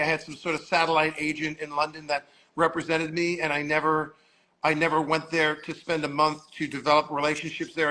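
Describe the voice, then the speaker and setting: Brief: bright-voiced New man, rambling storyteller. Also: on the high side, rough recording. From Long Island, New York. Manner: rambling, animated, acts out quoted voices. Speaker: guest storyteller. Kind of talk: casual anecdote telling. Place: modeling agency office.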